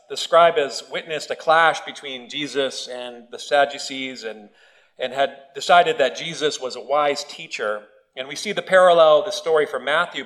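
A pastor giving a sermon in a church, reading scripture and then preaching in a conversational way with stories from family life. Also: male voice, on the high side, fairly bright tone, poor audio.

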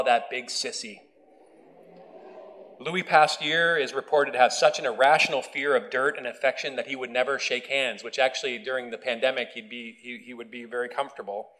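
A man preaching a relaxed, conversational sermon on video. He talks at a middle pitch, mixes in wry asides, and often restarts his sentences. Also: rough recording. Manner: conversational, self-deprecating, with restarts. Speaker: pastor. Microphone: video recording.

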